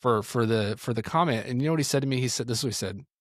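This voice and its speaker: A man's voice: mid-range voice, rapid-fire, dry recording. Man telling ministry stories, dry sound. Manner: animated storyteller acting out quotes. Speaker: pastor and ministry teacher. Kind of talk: conversational podcast storytelling.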